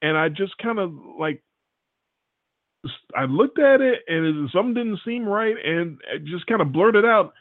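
A man's voice: sits high, lively intonation, normal speed. A man with a Midwestern American accent co-hosting a podcast, telling stories in a rambling, laid-back way. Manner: rambling, laid-back storyteller who swears casually. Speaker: podcast co-host. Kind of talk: casual chat. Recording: tinny phone-like sound.

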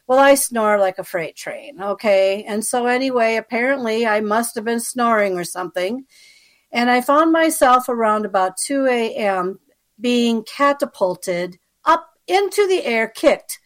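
A woman's voice: fairly high pitch, expressive, unhurried. A woman being interviewed who tells a personal story in a chatty way, with frequent asides and fillers, and checks in with the listener as she goes. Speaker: interview guest.

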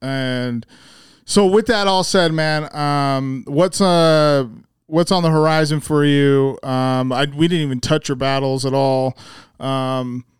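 A laid-back man hosting a podcast, asking questions slowly and with many "ums". His voice is very smooth and resonant, and the sound is dry and close. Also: medium pitch, no echo. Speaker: podcast host. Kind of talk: casual podcast interview.

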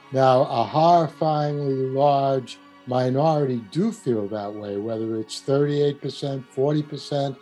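A man's voice: medium pitch, warm tone, poor audio. A man with a New York accent, earnestly talking through politics in a rambling, restarting way. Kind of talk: casual political talk.

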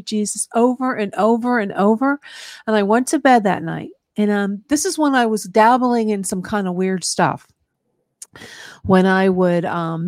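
A woman hosts a radio talk show and tells a long personal story. She rambles earnestly and often restarts her sentences. Her voice sits at a middling pitch and sounds dry and close to the mic. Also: darkish tone, no room sound. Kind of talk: casual radio interview, personal testimony.

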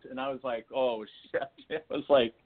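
A man, a spiritual medium, telling funny stories on a talk show in a lively, laughing way. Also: mid-range voice, brisk. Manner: animated, laughing anecdotes with acted-out quotes. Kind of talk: casual storytelling on a call-in show. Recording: phone-line audio.

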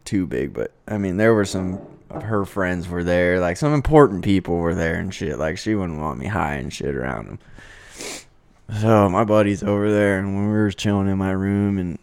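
A man's voice: deep voice, normal speed, clean tone. A young man telling a rambling, profane story in a laid-back casual chat, full of fillers.

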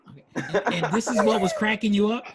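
A man's voice: high-pitched, fairly even intonation, fast, a crowd in the background. A man cohosting a casual podcast chat in an easygoing, questioning way.

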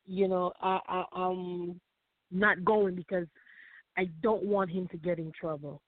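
A woman sharing a painful personal testimony as a guest, halting and repeating her phrases. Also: lowish voice, fairly even intonation, no echo. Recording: tinny phone line, faint music.

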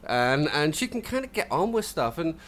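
A man with a Scottish accent chatting casually on a podcast, self-deprecating and quick to laugh, with lots of restarts. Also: a little high, big pitch swings, fairly bright tone, slight background noise. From Scotland. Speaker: podcast co-host.

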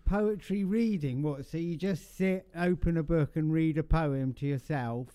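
Podcast cohost guy, slow and teasing, high-ish clear voice. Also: warm tone, no room sound. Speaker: podcast co-host. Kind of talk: casual chat.

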